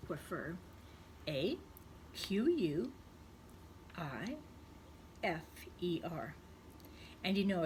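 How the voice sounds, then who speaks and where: A woman leads a spelling lesson for second graders. She sounds out each word slowly and clearly, spelling it letter by letter. A faint hiss of background noise sits under her voice. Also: lowish voice. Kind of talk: recorded spelling lesson for children.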